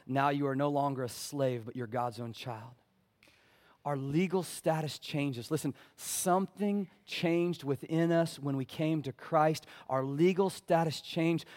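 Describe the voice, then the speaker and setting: Male pastor, high voice, dynamic sermon delivery with congregation call-outs. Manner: preaching with big swings from loud pleading to hushed; calls for "amen" from the congregation.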